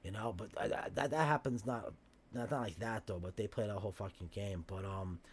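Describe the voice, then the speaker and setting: A man's voice: fairly low pitch, slightly rough. A man with a New York accent talking heatedly as a podcast guest, swearing often and acting out what others say. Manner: fast, profane, acts out quoted voices. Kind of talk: heated casual chat, profane.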